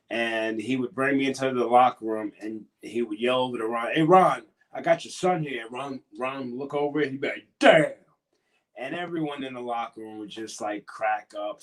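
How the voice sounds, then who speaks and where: A man, a former pro wrestler, telling stories as a guest in a casual interview, rambling and repeating himself. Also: mid-range voice. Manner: rambling, repeats words and restarts.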